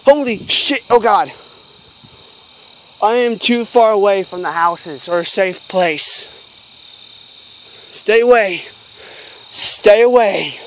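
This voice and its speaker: A man's voice: high voice, slow pace, pauses often, a little hiss or hum. A frightened man filming himself on a phone outdoors in rural fields at night, swearing and talking nervously to himself. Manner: heavy swearing, nervous self-talk. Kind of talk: handheld night-walk vlog.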